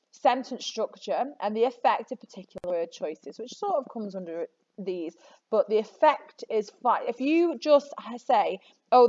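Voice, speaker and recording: A woman teacher walks students through an exam paper in a relaxed, chatty voice of middling pitch. She encourages them and trips over her words now and then, laughing it off. The recording sounds a little dull and lo-fi. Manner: chatty, self-correcting, encouraging. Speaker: English teacher. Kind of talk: recorded classroom lesson. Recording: slightly dull lo-fi audio.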